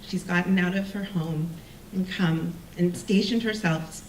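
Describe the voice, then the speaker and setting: A woman telling a personal story on stage, animated and self-mocking, acting out the people she quotes. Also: lowish voice, measured pace, slight background noise. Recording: roomy sound from a distant mic with faint ambience.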